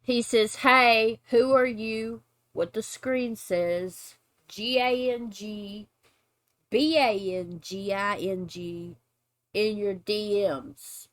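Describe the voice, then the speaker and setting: A woman talks over drama clips, unhurried and clearly irritated, her voice sitting right at the microphone in a dry, deadened space. She has a middle-range voice and a measured commentator's delivery. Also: medium pitch, steady tone, no room sound. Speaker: YouTube commentary host.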